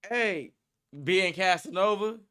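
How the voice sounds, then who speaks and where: A man's voice: high-pitched, takes it slowly, bright, forceful tone, clean tone. A young man hosting a livestream in casual, slangy, profane chat, hyped up and laughing often. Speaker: livestream host.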